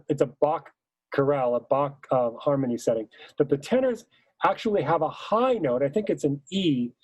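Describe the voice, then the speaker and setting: A choral conductor and clinic leader runs a recorded teaching seminar in a mid-range, darkish, husky voice. They explain patiently, point by point, saying example words first the wrong way and then the right way. There's no room sound, but the audio quality is poor.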